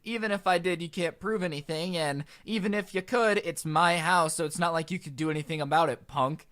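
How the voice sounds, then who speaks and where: A man's voice: a little high, fairly quick, a bit bright, natural voice. A man voicing a mean, smug middle-aged stepdad in a spoken story, taunting and dismissive. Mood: sneering.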